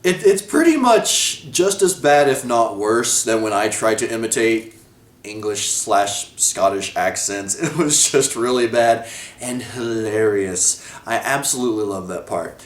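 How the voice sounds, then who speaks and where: A man's voice: on the low side, expressive, a little slow. A man giving a casual video review of a TV episode, rambling, correcting himself and laughing often. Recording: echoey room.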